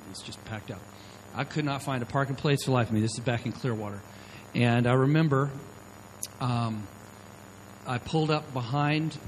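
A man's voice: mid-range voice, a little mellow, a little hiss or hum, low-quality recording. A middle-aged man preaching as a pastor, telling stories in a conversational way and often checking in with "okay?". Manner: conversational storytelling, frequent "okay?" check-ins. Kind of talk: sermon.

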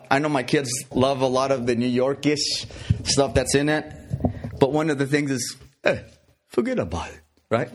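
Male pastor, lively and chatty sermon, a touch high-pitched. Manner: chatty, many fillers and restarts, playful. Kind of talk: conversational sermon.

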